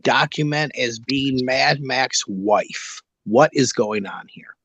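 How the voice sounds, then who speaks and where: Slow, dry-voiced joking man. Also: mid-range voice, fairly bright tone, slightly rough, no room sound. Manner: mocking, jokey. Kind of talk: casual livestream chat.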